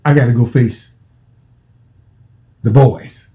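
Man in his fifties, american, former football player, casual profane storytelling, very dark voice. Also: mid-range voice, takes it slowly, rough recording. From United States. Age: 50s. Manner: profane, repetitive, restarting phrases.

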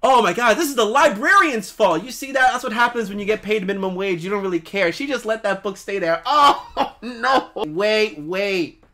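A young man excitedly reacting to a cartoon episode in slangy, casual commentary, laughing often. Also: high voice, moderate pace, few pauses. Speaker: reaction video host.

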